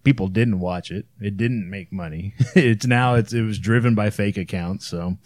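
A man co-hosting a podcast in casual chat, jokey and quick to laugh. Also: lowish voice, dry recording. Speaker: podcast co-host.

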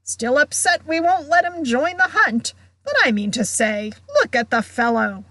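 A woman's voice: sits high, animated, unhurried, pushed and bright, dry recording, pitched above the performer's own voice, full character voice. A woman reading aloud, voicing a boisterous, hearty male ghost huntsman who roars and teases. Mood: hearty teasing. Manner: roaring, jovial, mocking.

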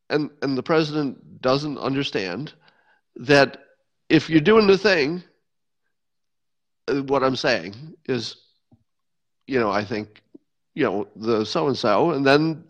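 A man's voice: fairly high pitch, highs cut off, pitched above the performer's own voice. A man doing an impression of a rambling older male politician who trails off mid-sentence. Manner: rambling, half-finished sentences.

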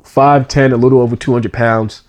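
A man's voice: mid-range voice, steady tone, normal speed, a little mellow. A man co-hosting a podcast, telling a personal story in an earnest, emotional way with casual slang.

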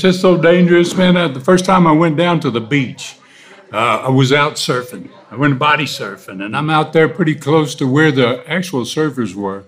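An older man, a former wrestler, telling stories as an interview guest in a lively, animated way, often laughing. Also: mid-range voice. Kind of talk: casual storytelling interview.

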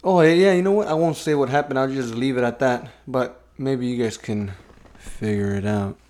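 A man's voice: mid-range voice, fairly even intonation, brisk, a little mellow. A young man co-hosting a podcast, chatting casually with short, upbeat interjections. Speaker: podcast co-host.

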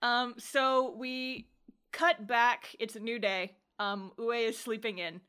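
A woman's voice: on the high side, fairly even intonation, slow, sharp tone, clear, resonant tone. A woman co-hosting a podcast, casually recapping an anime episode, laughing often and swearing as she acts out the characters' lines. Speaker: podcast co-host.

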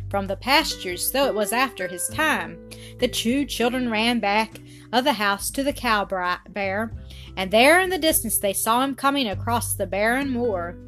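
A woman narrating a storybook in a steady, clear reading voice. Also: a little high.

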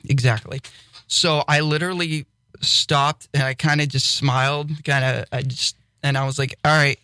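A young man co-hosting a casual podcast, an excitable storyteller who laughs often and slips into radio-DJ patter. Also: mid-range voice, normal speed, clear, resonant tone, dry recording. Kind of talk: casual chat.

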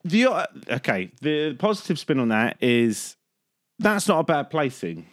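A man's voice: on the high side, big pitch swings, unhurried, heavy background noise. A man co-hosting a casual football podcast, joking and rambling as he talks. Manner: joking, rambling, laughs at his own jokes. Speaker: podcast co-host.

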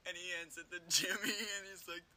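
A man's voice: sits high, fairly even intonation, fairly quick. A young man chiming in casually, giggling as he recalls shared memories with a friend. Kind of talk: casual chat. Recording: crowd noise behind.

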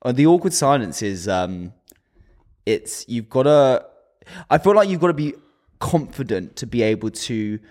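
A man's voice: mid-range voice, normal speed. A man, co-hosting a casual podcast chat, laughing often and acting out the voices of people in his stories. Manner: animated storyteller, laughs often, acts out quotes. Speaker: podcast co-host.

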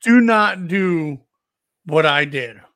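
A man co-hosting a podcast, telling a rambling, profane story in a casual, animated way. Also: a little high, slow pace, no echo, studio quality. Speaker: podcast co-host.

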